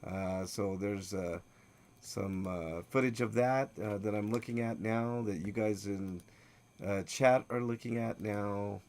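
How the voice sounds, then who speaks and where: A man's voice: fairly low pitch, fairly even intonation, a little slow, a little mellow. A man hosting a casual gaming news podcast, reading stories with lots of filler words and teasing his co-host. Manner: reads game news with many filler "uh"s, teasing. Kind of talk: casual livestream news chat.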